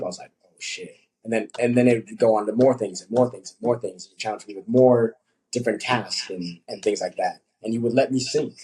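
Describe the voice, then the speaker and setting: A young man, a coach, chatting casually on a podcast, telling animated stories and acting out what people said. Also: on the low side, husky, low-quality recording. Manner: animated storytelling, acts out quotes.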